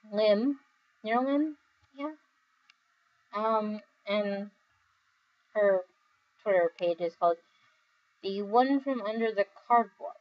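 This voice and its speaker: A young woman talks her way through viewer comments in an unhurried, rambling ramble, laughing softly between thoughts. She sounds worn out and her somewhat high voice comes through a dull, lo-fi recording. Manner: giggly, rambling, with many fillers. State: overly tired. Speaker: video creator reading comments. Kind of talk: casual chat.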